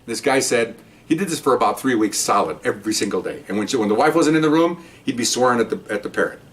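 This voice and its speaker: A man's voice: mid-range voice, expressive, fast talker, distant mic. An older man, a retired police officer, casually telling a profane story and acting out the voices of the people in it. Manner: rambling, profane, acts out the voices in his story.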